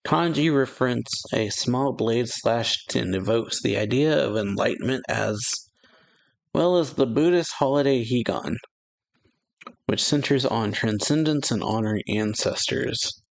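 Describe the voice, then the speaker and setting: Male reaction host, mid-pitched and gravelly, dry close mic, easygoing read-aloud with fillers. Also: no echo. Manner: reads quoted lines aloud with a lift, hesitant fillers. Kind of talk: casual manga chapter read-through.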